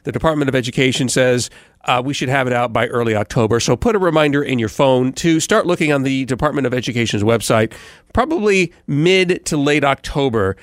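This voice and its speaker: A man's voice: mid-range voice, brisk, no room sound, studio quality. A man who hosts a morning radio show, giving a casual rambling recap with many fillers and restarts. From United States. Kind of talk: casual podcast recap monologue.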